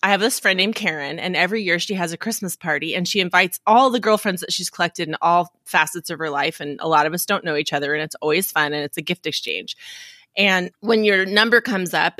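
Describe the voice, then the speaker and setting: A woman's voice: on the low side, no echo, clean studio sound. A woman in her forties who hosts a podcast, laughing often and telling a story in casual chat. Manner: laughs often, tells stories in a warm chatty way. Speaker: podcast host.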